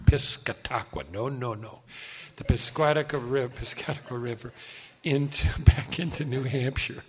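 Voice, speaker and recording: An older man giving a personal storytelling talk about his faith, animated and self-deprecating, with frequent asides to the audience. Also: mid-range voice. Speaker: speaker sharing his testimony.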